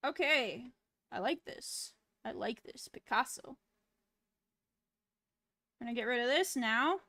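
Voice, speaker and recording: A woman streamer talking casually to her chat, unhurried and laid-back, with swearing that slips in easily. Her voice sits high and bright. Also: expressive.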